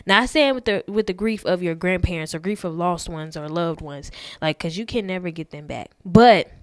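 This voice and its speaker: A woman's voice: lowish voice, clean tone, dry recording, clean studio sound. A young woman hosting a podcast, talking to listeners in a chatty, earnest way. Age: young adult. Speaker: podcast host. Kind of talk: casual talk.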